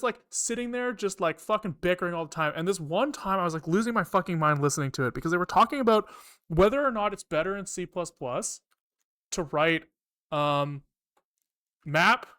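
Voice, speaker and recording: High-voiced man ranting casually while coding. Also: moderate pace, clean tone. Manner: chatty, profane, animated ranting. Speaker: programmer streamer. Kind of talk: casual live coding stream chat.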